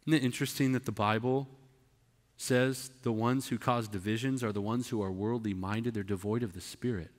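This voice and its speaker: A man preaching a sermon in a church, emphatic and conversational, acting out the voices of the people he describes. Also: lowish voice. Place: church sanctuary. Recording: long reverb of a church hall.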